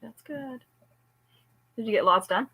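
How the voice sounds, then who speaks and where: Hoarse, giggly woman; unhurried, bright, dry laptop mic. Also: on the high side, no echo, poor audio. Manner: giggly, chatty. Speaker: co-host of a live stream. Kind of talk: casual chat.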